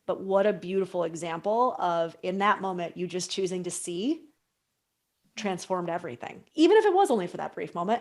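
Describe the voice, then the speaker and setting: A woman's voice: lowish voice, expressive, a little fast. A woman hosting a podcast in casual chat, reflective and talking in long flowing thoughts. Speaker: podcast host.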